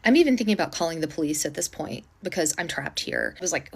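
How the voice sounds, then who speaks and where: A woman casually telling a storytime at home, animated and indignant, acting out what others said. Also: deep voice, fast talker, gravelly, breathy edge. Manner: animated, indignant retelling with acted-out quotes; speaking quietly to avoid disturbing a neighbor.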